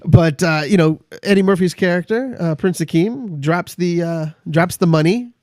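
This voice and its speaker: Middle-aged male co-host, halting, restart-heavy delivery, high voice. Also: darkish tone, dry recording, clean studio sound. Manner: halting, many restarts, acts out movie lines. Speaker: podcast co-host. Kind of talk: casual chat about movies.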